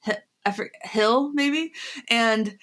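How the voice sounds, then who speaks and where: Giggly woman co-host, excitable storytelling. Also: on the high side, slow pace. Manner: laughing often, excited storytelling. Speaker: podcast co-host. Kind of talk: casual chat.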